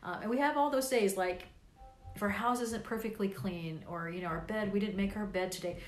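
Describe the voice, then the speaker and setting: A woman's voice: medium pitch, a little fast, reverberant, soft background music. A woman with grandchildren, tired, chatting in a casual live video and giving a rambling, encouraging pep talk full of fillers. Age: older. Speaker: vlogger and podcast host.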